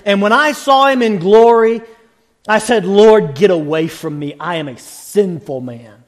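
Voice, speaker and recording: A man's voice: very high voice, a little slow. A preacher doing a humbled, contrite fisherman.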